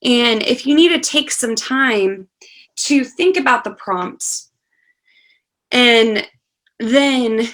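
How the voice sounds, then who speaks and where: Over a video call, a woman patiently teaches an online lecture on writing scholarship essays, reading one student's essay aloud. Her voice is mid-range with a fairly bright tone.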